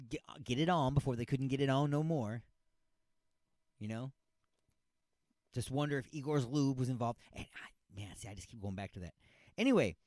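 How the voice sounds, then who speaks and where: A man's voice: a little high, dry recording, studio quality. A man hosting a comedic radio talk show, rambling and jokey, repeating himself and stretching words for effect. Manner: rambling, jokey, mock-outraged.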